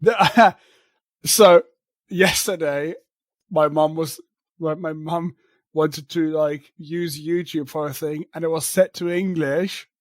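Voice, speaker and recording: Laughing, swearing podcast co-host, higher man's voice. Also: fairly even intonation, slow, no echo. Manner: swearing, laughing, reading news aloud. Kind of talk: casual podcast chat.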